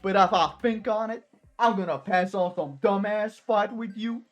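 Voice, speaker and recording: A woman's voice: medium pitch, normal speed, soft background music, lightly acted. A woman voicing a brash, bored male penguin boss who talks in a slangy, teasing street drawl. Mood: swaggering.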